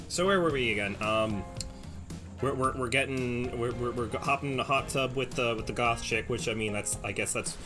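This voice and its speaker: A man's voice: mid-range voice, normal speed, music in the background. A man streaming a game, chatting casually and rambling, stammering with repeated words. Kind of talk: casual gaming stream commentary.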